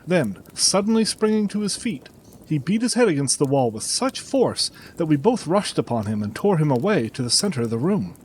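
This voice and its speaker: Man, audiobook narration, expressive, animated intonation, faint noise. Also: fairly high pitch, normal speed, low-quality recording. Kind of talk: scripted narration of a classic story.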